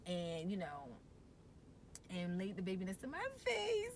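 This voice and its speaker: A woman, casually and animatedly telling her birth story, jumping to a high excited voice when she quotes herself. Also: measured pace, slight background noise.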